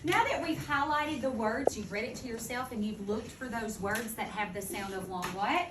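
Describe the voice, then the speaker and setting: A woman teaching a second-grade phonics lesson, speaking clearly and deliberately. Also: a little high. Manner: clear, deliberate teacher talk, slowing to model words. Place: classroom. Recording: echoey classroom from far off, noisy.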